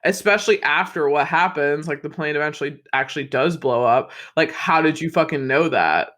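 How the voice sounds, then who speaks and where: Animated, swearing podcast co-host man. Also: fairly high pitch, a little fast. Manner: animated, swears often, acts out quotes. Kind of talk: casual movie recap chat.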